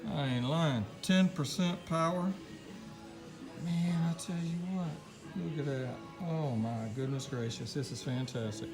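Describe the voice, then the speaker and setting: A man showing off his homemade workshop build in a casual, folksy, excitable way, chatting to his dog as he films on a handheld camera. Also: mid-range voice, low-quality recording. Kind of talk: casual workshop demo vlog. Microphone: handheld camera mic.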